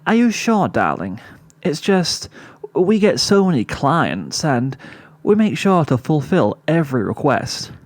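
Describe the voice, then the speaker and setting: A man's voice: a little high, big pitch swings, measured pace, few pauses, no room sound, pitched above the performer's own voice, heavily acted. A man reading a fan story, voicing a refined, theatrical adult unicorn mare. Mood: prim. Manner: refined, dramatic, says "darling".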